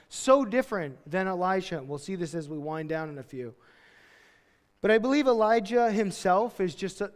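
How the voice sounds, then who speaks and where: A man delivers a sermon in a loose, conversational way, dropping slang and acting out the voices in his reading. His voice sits high for a man. The sound carries the long reverb of a church hall. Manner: conversational, slangy preaching with acted-out quotes. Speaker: pastor.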